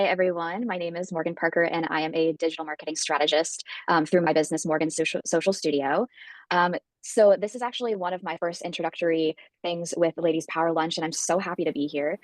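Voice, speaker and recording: A woman's voice: on the low side, dry recording. A woman guest on a video call, a marketing strategist who speaks in a friendly, plain way.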